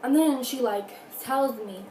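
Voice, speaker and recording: At home with the furnace running, a woman vlogger tells a casual storytime, chatty and full of dramatic asides. Her voice is fairly high and darkish in tone, and she takes her time. The recording sounds roomy, with her distant from the mic and faint noise underneath.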